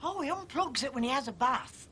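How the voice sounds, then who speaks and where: A woman's voice: high voice, lively intonation, a little fast, bright, forceful tone, a little hiss or hum. An actress playing a chatty, guileless mother who rambles on while the police ask questions, in a television police drama. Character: vague, chatty older mother, house-proud.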